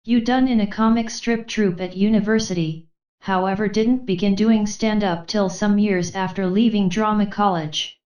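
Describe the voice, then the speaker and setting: A synthetic woman's voice reading an interview article aloud, questions and answers alike, in a steady, mechanical way. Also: medium pitch, normal speed. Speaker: text-to-speech reader. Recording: roomy, slightly dull sound.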